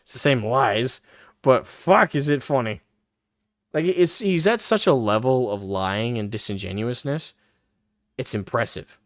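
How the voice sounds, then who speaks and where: Man hosting a live stream, swings his pitch wildly, profane, mocking, laughs a lot, dry close sound. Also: expressive, unhurried, no room sound. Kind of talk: live reaction commentary.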